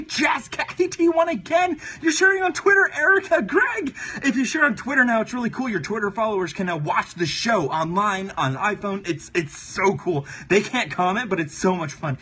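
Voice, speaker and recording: A man's voice: sits high, sharp tone, slightly rough. A man hosting a casual drawing livestream, joking and laughing often as he chats with viewers. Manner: giggly, playful, laughs often. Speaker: livestream host.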